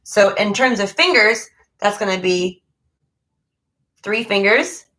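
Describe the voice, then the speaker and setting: A woman's voice: medium pitch, takes it slowly, sharp tone, poor audio. A woman teaching a violin lesson online, who is losing her voice, patiently calling out note names and finger numbers.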